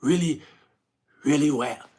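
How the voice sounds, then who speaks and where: A man doing a slow, self-satisfied impression of a boastful politician. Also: on the high side, dark tone, husky, heavily acted. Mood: bragging.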